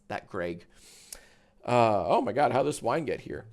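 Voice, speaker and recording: A man's voice: medium pitch, sing-song, unhurried. A man chatting casually on a live stream, rambling and swearing as he reads out the chat.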